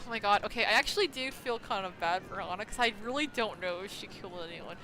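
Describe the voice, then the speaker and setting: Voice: mid-range voice, quick pace, pushed and bright. A game streamer giving casual let's-play commentary, outspoken and swearing freely.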